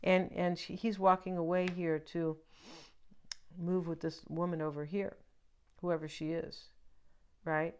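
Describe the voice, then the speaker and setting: A woman's voice: fairly low pitch, level tone, measured pace, pauses often, darkish tone, slight background noise. A woman giving a casual tarot reading, chatty and joking, with lots of fillers and asides to the viewer. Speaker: tarot reader.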